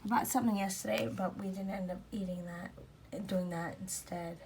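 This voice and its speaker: A woman in her thirties narrating a casual plan-with-me video at home, talking softly and often half-whispering to herself, flustered and self-deprecating about her mistakes. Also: medium pitch, fairly even intonation, moderate pace, gravelly. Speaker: planner vlogger. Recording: noisy home recording.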